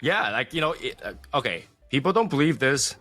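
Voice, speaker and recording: A man co-hosting a casual podcast chat, telling stories and acting out scenes with lively energy. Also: mid-range voice, a little fast, soft background music. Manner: animated storytelling, acts out scenes. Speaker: podcast co-host.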